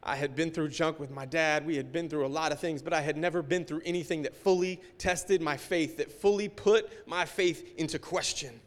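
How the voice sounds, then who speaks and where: Emotional high-voiced male pastor preaching. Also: fairly even intonation, moderate pace, few pauses, in a large hall. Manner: emotional, swings from hushed to forceful preaching. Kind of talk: sermon.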